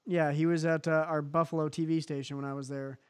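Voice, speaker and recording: A man's voice: fairly high pitch, level tone, fast talker, a crowd in the background. A man hosting a podcast, chatting casually and animatedly with plenty of fillers. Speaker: podcast host.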